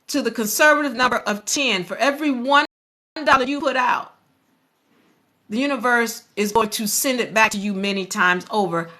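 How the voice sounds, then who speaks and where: Bright-voiced woman hosting a live stream. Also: mid-range voice. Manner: animated, preachy, addresses viewers directly. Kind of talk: motivational live stream talk.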